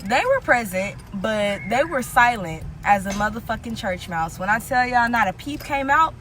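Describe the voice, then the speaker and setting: A woman telling a story casually to her viewers, animated and full of profanity, often calling out to them as "y'all". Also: medium pitch, a little hiss or hum.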